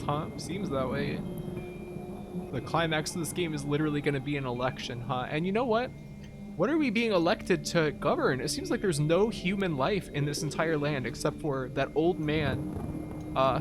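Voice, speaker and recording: A man commenting on a game he is playing, making sarcastic, incredulous remarks and laughing asides. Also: a little high. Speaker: gameplay commentator. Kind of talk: let's-play commentary.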